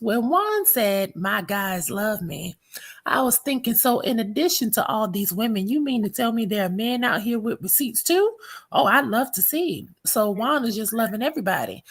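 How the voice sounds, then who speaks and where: A woman hosting a reality TV recap show, blunt and sarcastic, with a quick put-down for everyone she talks about. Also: fairly high pitch, animated, breathy edge. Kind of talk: sassy reality TV recap commentary.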